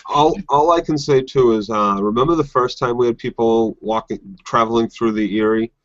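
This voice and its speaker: A man co-hosting a casual TV recap podcast, chatty and quick to laugh. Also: medium pitch, a bit bright, no room sound. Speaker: podcast co-host. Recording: dry, dull lo-fi audio.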